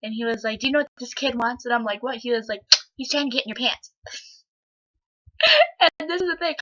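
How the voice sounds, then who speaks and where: A woman's voice: on the high side, fairly quick, a bit bright. A teenage girl in her bedroom retelling a story to her camera in a rambling, casual way, full of fillers and quoted back-and-forth. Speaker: vlogger. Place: own bedroom, indoors. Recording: dull lo-fi home recording.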